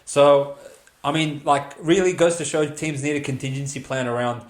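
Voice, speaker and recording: A man's voice: on the high side, normal speed. A man co-hosting a sports podcast, breaking down games with blunt, profane chat. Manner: blunt, profane, chatty analysis. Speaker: podcast co-host. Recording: roomy echo.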